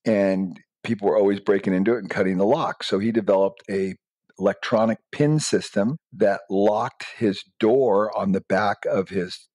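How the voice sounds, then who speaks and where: A man's voice: lowish voice, steady tone, normal speed, a little mellow, no room sound. A middle-aged man answering interview questions emphatically, giving blunt step-by-step advice. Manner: emphatic, acts out quoted dialogue in raised voices. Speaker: guest entrepreneur.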